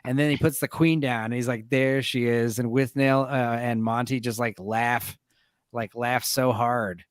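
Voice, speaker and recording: A man's voice: medium pitch, steady tone, normal speed, no echo, studio quality. A man hosting a casual movie discussion stream, retelling scenes in a rambling, crude way with filler words. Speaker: podcast host.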